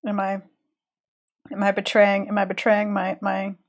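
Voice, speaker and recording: A woman's voice: mid-range voice, a little slow. A woman with a Southern American accent, chatting casually and thinking aloud while she draws live on stream. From Southern United States. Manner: relaxed, thinking aloud, trailing off while concentrating. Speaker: streaming illustrator.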